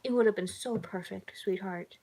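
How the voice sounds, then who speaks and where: A woman voicing a menacing male axe murderer in slow, cold, threatening tones while reading her own story. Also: mid-range voice, expressive, poor audio.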